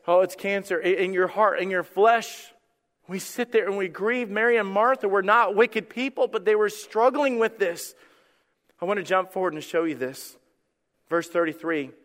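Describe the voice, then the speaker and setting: A man's voice: fairly high pitch, a bit bright. A man preaching a sermon as pastor, impassioned and building to emphatic peaks with repeated phrases. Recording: church hall with long reverb.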